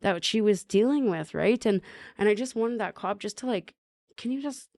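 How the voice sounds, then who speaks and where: A woman's voice: medium pitch, normal speed, gravelly, a little mellow, no room sound. A woman from Canada, a podcast guest, telling her personal recovery story in an earnest way and often tagging sentences with questions.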